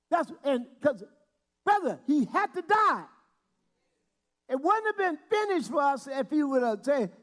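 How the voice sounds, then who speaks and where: A man preaching a sermon, breaking into shouts and acting out prayers. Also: extremely high pitch, expressive, moderate pace. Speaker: bishop preaching.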